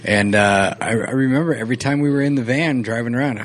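A man of middling pitch co-hosting a casual movie podcast. He talks in a relaxed, rambling way, full of fillers and memories. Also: fast. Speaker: podcast co-host.

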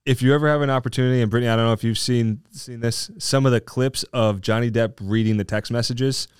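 A man in the role of a trial lawyer talks through a case in a relaxed, conversational way. His voice is smooth and clear, recorded dry and close. He keeps checking in with his listeners as he explains. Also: mid-range voice, fast talker, no room sound. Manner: talkative, explains with frequent "right?". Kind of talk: casual discussion.

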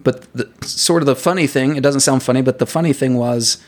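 A man's voice: medium pitch, brisk. Man telling a story in casual chat. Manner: animated storyteller who laughs at his own story. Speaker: guest telling a personal story.

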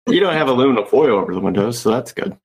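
A man's voice: mid-range voice, racing. A man hosting a webcast, chatting casually and joking with his guests. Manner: joking, relaxed, laughs often. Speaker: host.

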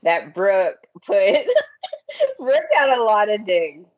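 A woman's voice: medium pitch, wildly swooping pitch, very slow, dull audio. A woman co-hosting a podcast, chatting casually, laughing often and quoting characters. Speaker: podcast co-host. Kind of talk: casual recap chat.

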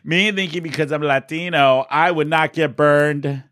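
A man's voice: on the high side, normal speed, dry recording, studio quality. Chatty man, voice a bit worn. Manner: animated storyteller, puts on quoted voices. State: voice a little worn. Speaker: podcast host. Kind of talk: casual chat.

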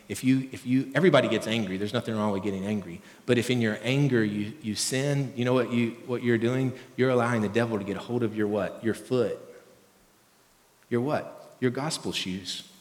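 A middle-aged man preaching as a pastor, talking casually and asking the congregation questions. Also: medium pitch. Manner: conversational, asks the congregation questions. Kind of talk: sermon. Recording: long reverb of a large hall.

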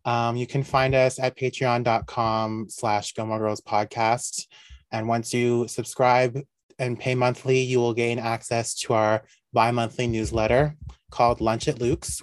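A man from Canada co-hosting a casual podcast, laid-back and quick to laugh. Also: mid-range voice, little pitch movement, dry recording. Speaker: podcast co-host.

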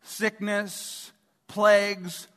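A man, a pastor, delivering a sermon to his congregation in a relaxed, conversational way, often asking the room rhetorical questions. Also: sits high, extremely slow. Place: large church hall before a congregation. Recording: long reverb of a large hall.

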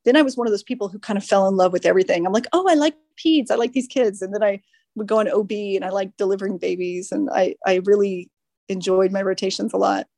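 An orthopedic surgeon in her forties is a guest on a podcast, telling stories with lively energy and laughing often. Her voice is medium-pitched, quick, and creaky, captured in a dry, clean studio recording.

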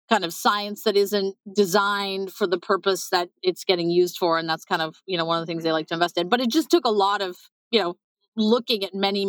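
A woman startup founder being interviewed, talking quickly with lots of fillers and acted-out quotes. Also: mid-range voice, no room sound, rough recording. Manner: fast, animated, many fillers and quoted asides. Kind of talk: conversational interview.

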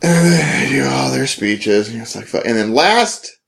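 A man's voice: mid-range voice, lively intonation, unhurried, gravelly, a bit bright. Rambling young man telling a story. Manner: rambling, full of fillers, laughing. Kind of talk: casual storytelling.

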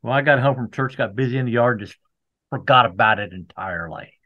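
A man's voice: mid-range voice, fairly quick. Friendly man host on dull lo-fi audio. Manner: friendly, jokes about himself. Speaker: podcast host. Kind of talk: interview questions and banter.

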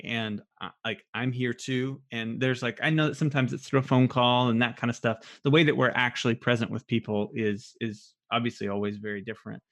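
Male podcast co-host, relaxed, filler-heavy speech, mid pitch. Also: fairly quick, hardly any pauses. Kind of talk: casual podcast conversation.

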